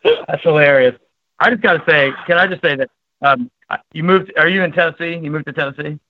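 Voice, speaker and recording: A man calling in as a guest for a casual interview, talking in a rambling, halting, self-deprecating way. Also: a little high, a little hiss or hum. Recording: dull dry phone call.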